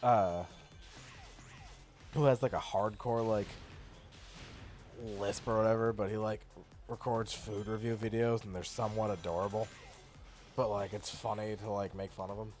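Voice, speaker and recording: A man's voice: fairly low pitch, steady tone, normal speed, pauses often, darkish tone, soft background music. A young man in a casual, crude chat, swearing freely and laughing often as he tells stories.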